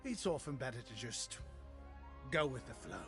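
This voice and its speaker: An actor with an English accent playing an eager, humble young shopkeeper with flowery, overly polite speech. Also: male voice, medium pitch, animated, normal speed, lightly acted. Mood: friendly. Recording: game audio with faint music behind.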